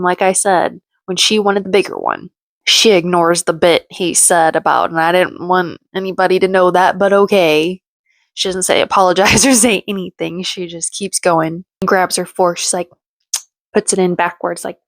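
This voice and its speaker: A woman's voice: lowish voice, moderate pace, no room sound. A woman giving a casual commentary recap of a reality show, with sarcastic, snarky asides.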